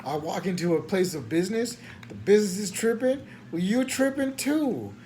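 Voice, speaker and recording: A man's voice: high-pitched, animated, normal speed, mellow, slight background noise. A man, a preacher venting late at night in rambling, slangy talk full of stammered restarts and frustration. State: tired at night.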